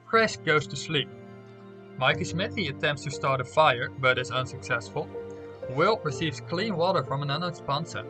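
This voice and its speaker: A man's voice: a little high, animated, moderate pace, music in the background. A young man streaming live, reading out game results and talking playfully to his viewers. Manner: playful, talks straight to viewers.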